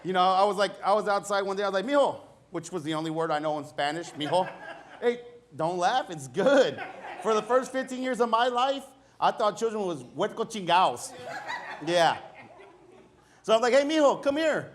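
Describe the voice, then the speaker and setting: A man's voice: sits high, lively intonation, moderate pace. A middle-aged man doing a conversational, self-deprecating stand-up comedy set before a live audience. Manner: conversational, self-deprecating, acts out dialogue in raised voices.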